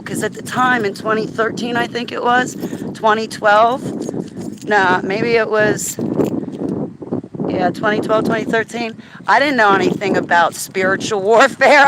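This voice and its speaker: A woman telling a story to her viewers in an excitable, chatty way while walking outdoors on a city street, often checking in with "right?". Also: mid-range voice, noisy background. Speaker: vlogger. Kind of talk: casual storytelling to camera.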